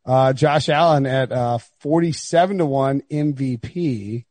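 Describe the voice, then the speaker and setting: A man's voice: mid-range voice, a little slow, a little mellow, no echo. A man hosting a sports podcast, rambling and laughing through stories with his friends. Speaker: podcast host. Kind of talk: casual sports podcast banter.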